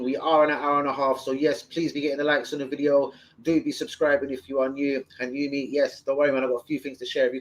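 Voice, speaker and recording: A man, chatting loosely and swearing as he hosts a football fan live stream. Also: medium pitch. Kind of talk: casual live stream chat.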